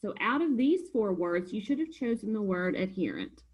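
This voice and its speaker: Patient teacher, female, slightly husky, explains homework answers one by one. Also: mid-range voice, big pitch swings, normal speed, a little mellow, poor audio. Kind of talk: recorded homework review lesson.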